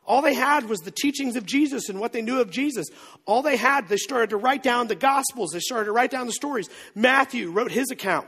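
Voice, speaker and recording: A man preaching a sermon as a pastor, telling the story in an animated way, acting out quotes and joking. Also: sits high, husky. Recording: echoey hall with long reverb.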